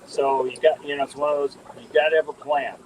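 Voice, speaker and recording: A fast-talking man with a slightly high, steady voice chats casually while touring his tanks, a fish breeder on a live video call recorded by the camera mic. Surrounded by aquarium tanks in an indoor fish room, he rambles with lots of ums and restarts, and there's background noise.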